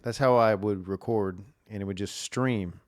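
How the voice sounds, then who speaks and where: A man's voice: on the low side, normal speed, no echo, clean studio sound. Man rambling on his podcast. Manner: rambling storytelling with many fillers and restarts. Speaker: podcast host. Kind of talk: casual solo podcast monologue. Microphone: camera recording at a desk.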